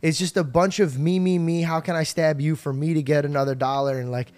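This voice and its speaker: Effusive man with a higher voice. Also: brisk. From grew up in a Middle Eastern culture. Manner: excitable, effusive, swears casually. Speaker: podcast host. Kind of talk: casual chat.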